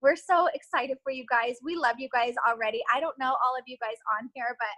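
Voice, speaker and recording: A woman's voice: sits high, steady tone, a little fast, pushed and bright, a little hiss or hum, low-quality recording. A woman giving an earnest, emotional motivational pep talk to new team members over a video call, with many ums. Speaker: team leader giving a training.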